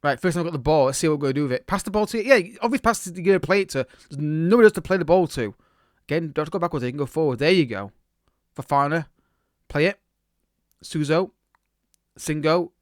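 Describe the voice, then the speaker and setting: A man talks through a football management game, reacting as it unfolds and restarting his sentences. His voice is smooth and fairly high. The sound is dry and close to the mic. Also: quick pace, dry recording. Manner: chatty, reacts live to the match, many restarts. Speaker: gaming YouTuber. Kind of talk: casual game commentary.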